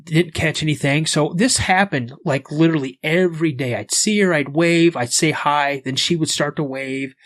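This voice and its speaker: A man from the United States, a podcast guest, telling a story in a casual, animated way and acting out the voices in it. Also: fairly high pitch, no room sound.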